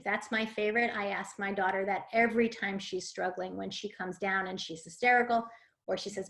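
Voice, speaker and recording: Woman parent coach giving a webinar talk, explanatory, mid-pitched, fillers. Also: fairly even intonation, fairly quick, a bit bright. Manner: explanatory, with fillers and acted-out example phrases. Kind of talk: webinar presentation.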